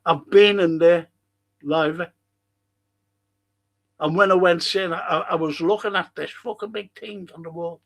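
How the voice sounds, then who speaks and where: A man's voice: fairly high pitch, fairly even intonation, measured pace, pauses often. An older man with a Liverpool accent, hosting a football podcast in a casual, rambling live-stream chat, swearing freely and reading out viewers' comments. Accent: Liverpool (Scouse). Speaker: podcast host.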